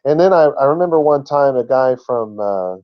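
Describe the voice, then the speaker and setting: A man's voice: mid-range voice, lively intonation, moderate pace, lo-fi sound. A man giving an emphatic teaching talk who spells out words letter by letter. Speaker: Bible teacher.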